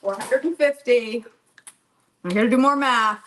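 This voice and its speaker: A woman's voice: fairly high pitch, a little slow, a bit bright, low-quality recording. A woman with a slightly raised voice chats her way through a baking session, rambling and poking fun at herself. She talks straight to her viewers by name and laughs often. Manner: rambling, self-deprecating, chatty while working. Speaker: home baker. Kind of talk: casual live-stream baking chat.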